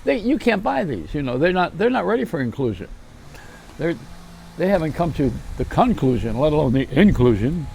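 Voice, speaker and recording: A man's voice: a little high, sing-song, a little fast, creaky, a little mellow, a little hiss or hum. An older man hosting a rambling, self-mocking comedy monologue, chuckling at his own jokes. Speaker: host.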